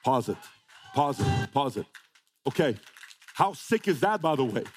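A man's voice: mid-range voice, big pitch swings, a little slow, soft background music. A man giving a motivational talk, emphatic, repeating phrases and firing rhetorical questions. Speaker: motivational speaker. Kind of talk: motivational talk to a live audience.

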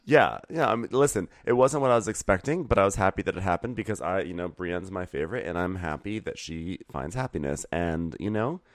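Joking man with a lively low voice. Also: a little fast, few pauses, no room sound, studio quality. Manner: jokey, acts out character lines in mock voices. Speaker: recap podcast co-host. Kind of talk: casual chat.

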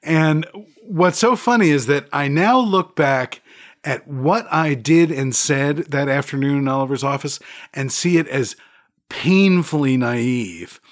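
A man as a guest, telling stories in an animated conversational way, laughing often. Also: on the high side, a little slow. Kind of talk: conversational storytelling.

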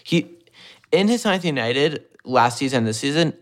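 A man's voice: medium pitch, animated, moderate pace. A young man co-hosting a football podcast, giving blunt, opinionated takes in casual chat. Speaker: podcast co-host.

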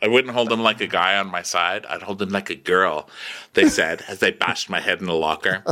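A man co-hosting a comedy podcast, recapping a TV episode and acting out the characters in quick, silly voices. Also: sits low, steady tone, bright, forceful tone.

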